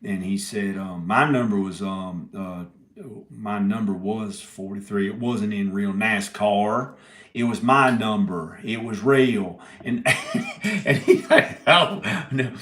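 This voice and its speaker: A man's voice: on the low side, fairly even intonation, slow, fairly bright tone. A man telling a rambling comic story, stopping and restarting his words and giggling often. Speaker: video maker telling a story. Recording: echoey room.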